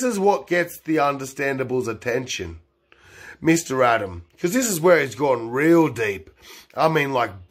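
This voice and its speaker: A man telling a meandering improvised story, full of fillers, swinging between loud bursts and low murmurs. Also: normal speed.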